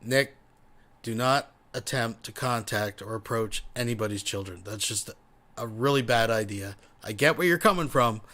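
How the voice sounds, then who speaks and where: A man's voice: medium pitch, normal speed, sharp tone. A man hosting a livestream, giving wry, casual commentary and addressing viewers as folks. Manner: wry, says "folks" often. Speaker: livestream host.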